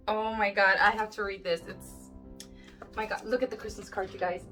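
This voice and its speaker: A YouTube crafter opens friend mail from viewers in a casual vlog, speaking at a moderate pace in a medium-pitched, fairly bright voice over soft background music. She gushes, exclaims and gasps often, and is teary-eyed and close to crying.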